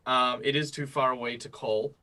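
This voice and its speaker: A man playing in a tabletop game, chatting animatedly with quick asides and mock voices. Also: medium pitch, steady tone, pushed and bright. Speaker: player. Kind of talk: casual chat during tabletop game.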